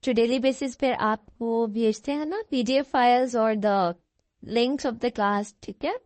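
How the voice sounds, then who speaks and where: A woman's voice: on the high side, racing, darkish tone, dry recording. A woman teaching an online English class who switches between English and Hindi-Urdu and reassures her students often. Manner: reassuring, repeats okay.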